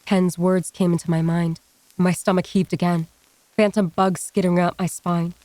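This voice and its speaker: A woman reads a first-person horror story in a low, mellow voice. Her delivery stays flat and steady, recorded close and dry. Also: normal speed, dry recording, rough recording. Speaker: story narrator.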